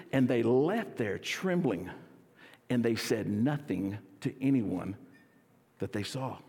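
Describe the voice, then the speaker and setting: Energetic pastor in a reverberant church. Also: male voice, mid-range voice, vocal fry. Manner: energetic, leads congregation in call and response. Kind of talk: sermon. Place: church sanctuary.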